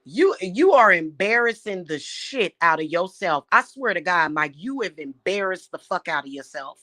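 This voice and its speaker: A woman's voice: fairly low pitch, lively intonation, normal speed, sharp tone. A woman vlogger delivering an angry, profane rant straight at someone, repeating her words as she talks. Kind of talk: angry direct-address rant.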